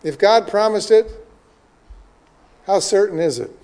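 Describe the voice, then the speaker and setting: High-voiced earnest preacher. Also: male voice, a little mellow. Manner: earnest, often asks the listeners "okay?" and "right?"; reads scripture aloud slowly with emphasis. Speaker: pastor. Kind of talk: sermon, Bible teaching.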